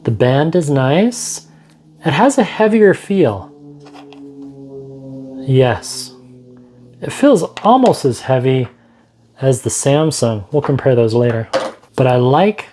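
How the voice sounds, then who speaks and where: A man's voice: mid-range voice, big pitch swings, takes it slowly, long pauses, dark tone, a little hiss or hum. A man reviewing gadgets in a casual unboxing vlog from his studio, chatty and joking, thinking aloud as he goes. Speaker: tech reviewer. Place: home studio.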